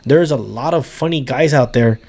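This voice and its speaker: A man with a mellow, rounded voice and a middle pitch, talking casually on a chat show. He swings between English and Spanish mid-sentence and swears freely. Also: moderate pace. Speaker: podcast co-host.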